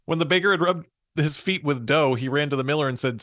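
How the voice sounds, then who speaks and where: A man's voice: fairly high pitch, quick pace, a bit bright, no room sound, clean studio sound. A man co-hosting a podcast, casually retelling a fairy tale and laughing often as he reads. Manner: amused, laughs often while reading. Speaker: podcast co-host.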